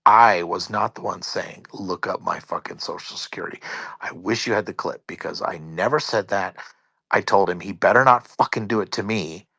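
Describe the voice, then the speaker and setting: A man with a fairly low voice tells a story in a casual online voice chat. He talks in an animated way and swears freely. The sound is close and dry, with no room on it. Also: normal speed, gravelly, breathy edge, dry recording.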